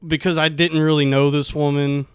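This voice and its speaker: A man's voice: fairly high pitch, flat delivery, normal speed, clean tone, dry recording, studio quality. A man on a podcast, casually telling a candid story, laughing often and acting out the other person's lines.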